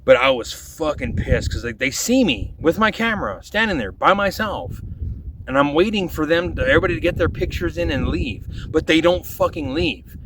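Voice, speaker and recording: A man's voice: on the high side, sing-song, normal speed, far from the mic, noisy background. Profane young man ranting from afar. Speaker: vlogger. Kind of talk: casual storytelling.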